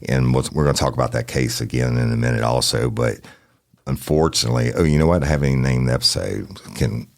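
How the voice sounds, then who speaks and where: A man hosts a true crime podcast from a studio, speaking in a blunt, folksy way. His voice sits extremely low and has a gravelly rasp. The sound is dry and close, with no room echo. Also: steady tone, fast talker. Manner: blunt, folksy, swears casually. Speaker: podcast host.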